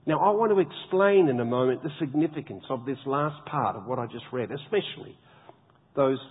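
A man preaching a sermon, reading scripture slowly and with heavy emphasis. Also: on the high side, expressive, husky. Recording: tinny phone-like sound with long hall reverb.

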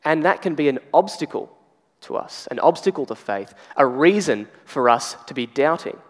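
A man giving a sermon as a pastor, talking conversationally with dramatic pauses. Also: a little high, lively intonation. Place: church hall. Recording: long hall reverb.

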